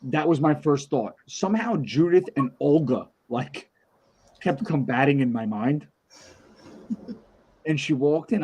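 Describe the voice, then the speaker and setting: A man's voice: medium pitch, animated, unhurried, darkish tone, breathy edge. A man on a podcast spins a personal story in loose, casual chat. He acts out every voice in it and swears freely, in an ordinary mid-range voice. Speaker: podcast co-host.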